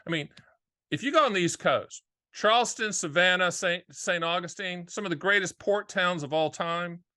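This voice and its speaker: A man's voice: high voice, moderate pace, pushed and bright, dry recording, clean studio sound. A man, hosting a casual solo video and talking in an upbeat, jokey, conversational way. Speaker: host and annuity agent.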